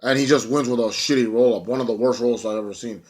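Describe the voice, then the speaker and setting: A man's voice: medium pitch, fairly even intonation, fast, darkish tone. A young man giving a casual spoken review, blunt and rambling, swearing often and filling with ums and likes. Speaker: wrestling show reviewer.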